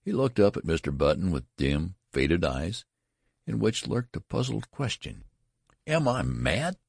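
A man narrating a literary story in an expressive, theatrical reading. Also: sits low, moderate pace, gravelly, husky, no echo, studio quality. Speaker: audiobook narrator.

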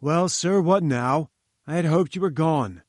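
A man's voice: on the high side, a little slow, darkish tone, no echo, studio quality, voice pushed up, close to an everyday voice. A man voicing an imperious, scornful older male scientist who talks in curt commands, in an audiobook reading.

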